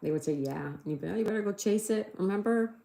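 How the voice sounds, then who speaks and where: A woman's voice: medium pitch, quick pace, gravelly, warm tone, reverberant. A middle-aged woman hosting a casual livestream, chatting, giggling and reading out viewers' comments. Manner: chatty, giggly, reads out chat messages. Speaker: livestream host.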